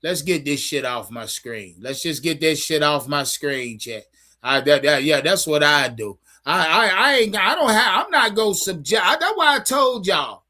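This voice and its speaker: A man streaming to his chat, ranting hard about his football team. His voice swings widely in pitch, and his tone is bright and forceful. He swears freely and circles back over the same points. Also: big pitch swings, normal speed. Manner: heated, swearing, repetitive, talks to chat. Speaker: sports fan streamer. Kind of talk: profane livestream sports rant.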